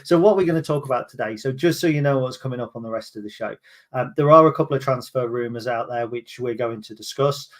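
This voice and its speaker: A man's voice: mid-range voice, fast. Chatty man hosting a podcast. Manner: chatty and self-mocking, with many ums. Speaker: podcast host. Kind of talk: casual football podcast chat.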